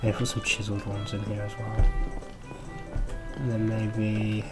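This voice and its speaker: Guy chatting slow n casual while he plays, cusses a lot, talks to his pet, music playing behind. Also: lowish voice, completely flat delivery. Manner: swears freely, chats to his in-game pet. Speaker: gamer. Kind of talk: casual gameplay commentary. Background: clear background music.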